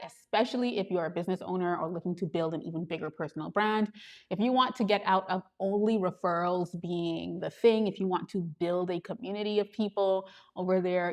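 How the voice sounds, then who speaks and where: A woman hosting a casual livestream as a YouTube coach, upbeat, greeting viewers and answering chat questions. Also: on the low side.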